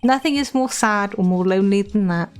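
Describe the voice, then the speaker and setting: A woman's voice: mid-range voice, fairly quick, over music, close to an everyday voice. A woman voicing a determined young male defense lawyer, reading his thoughtful inner monologue earnestly.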